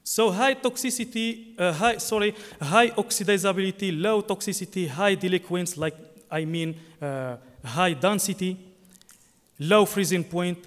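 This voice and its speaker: High-voiced man presenting in an echoing hall. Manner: halting, frequent fillers and self-corrections. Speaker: conference presenter. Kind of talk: technical conference talk. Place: conference hall. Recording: long hall reverb.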